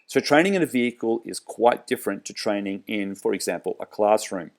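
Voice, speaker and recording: A man's voice: on the low side, lively intonation, brisk. A man who trains driving instructors, explaining with examples in an online training lecture, with frequent fillers and restarts. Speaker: driver trainer.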